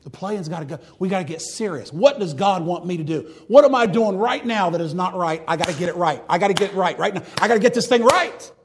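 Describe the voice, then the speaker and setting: Preacher, high voice, fervent and repetitive, ramps up to loud emphatic preaching. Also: male voice, expressive, fast talker, few pauses. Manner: reads scripture in old-fashioned wording. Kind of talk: sermon.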